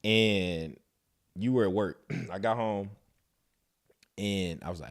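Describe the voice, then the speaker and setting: Animated man telling a story, low voice. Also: moderate pace. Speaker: podcast co-host. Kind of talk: casual chat.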